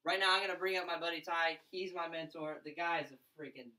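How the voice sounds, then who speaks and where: A young man talks fast and excitedly to a room of college students, with a bright, forceful tone. He keeps acting out what friends and family said. The mic sits a little way off from him. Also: on the high side, reverberant, distant mic, poor audio. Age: young adult. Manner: fast, excited storytelling with mimicked voices. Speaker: event speaker. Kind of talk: energetic pitch talk to a crowd.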